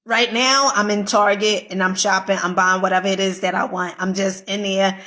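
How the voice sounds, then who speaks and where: A woman's voice: medium pitch, flat delivery, moderate pace, bright, forceful tone. A woman giving a casual motivational pep talk, emphatic and repetitive, swearing freely and checking in with "okay?". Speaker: motivational vlogger.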